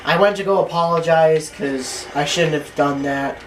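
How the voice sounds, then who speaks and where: A gameplay commentator telling a rambling, animated story while playing, acting out quotes in a raised voice. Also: medium pitch, moderate pace, slight background noise. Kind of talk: casual storytelling over gameplay.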